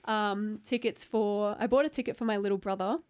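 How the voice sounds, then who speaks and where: A woman, a guest photographer chatting casually and telling an excited story with high-pitched acted-out quotes. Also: fairly quick. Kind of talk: casual chat.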